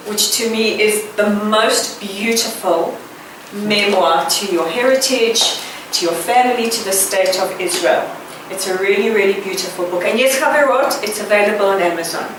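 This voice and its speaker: A woman hosting an interview, introducing and thanking her guest with warm praise. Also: medium pitch, normal speed, heavy reverb, distant mic, noisy background.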